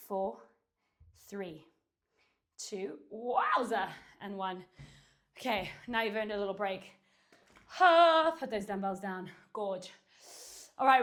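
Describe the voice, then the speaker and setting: A woman with a mid-range, slightly bright voice leads a Pilates and dumbbell workout at home, breathless as she cues moves and counts reps while exercising. A camera picks her up from a distance.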